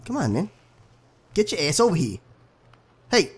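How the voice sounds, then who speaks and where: A young man casually commenting on his own video game playthrough, excitable and profane, talking back to the characters on screen. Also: a little high, moderate pace, long pauses, breathy edge, faint music behind. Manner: excitable, swears a lot, talks to the game characters. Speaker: gaming channel host. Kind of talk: casual let's play commentary.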